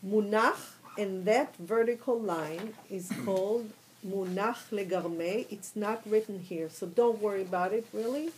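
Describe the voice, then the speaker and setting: A woman's voice: medium pitch, measured pace, darkish tone, a little hiss or hum, low-quality recording. A woman teaching a class, explaining patiently and step by step. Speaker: trope teacher.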